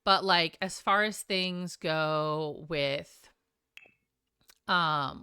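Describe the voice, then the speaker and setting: A woman's voice: low-pitched, drawn-out words, long pauses, pushed and bright, clear, resonant tone, dry recording, clean studio sound. A woman streamer chatting casually and a bit scatterbrained while building in a game, with a sing-songy way of talking. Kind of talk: casual live-stream chat while gaming.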